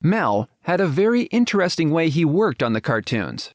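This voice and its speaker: A man's voice: fairly high pitch, sing-song, normal speed, slight background noise. A man narrating a documentary script in a playful, teasing way.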